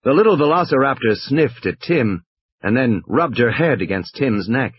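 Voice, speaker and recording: Husky man narrating an audiobook. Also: mid-range voice, expressive, normal speed, dry recording, lo-fi sound.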